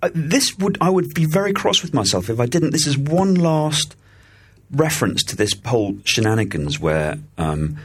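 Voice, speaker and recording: A man co-hosting a podcast in casual chat, animated and chuckling, with frequent restarts. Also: mid-range voice, moderate pace, husky. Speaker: podcast co-host.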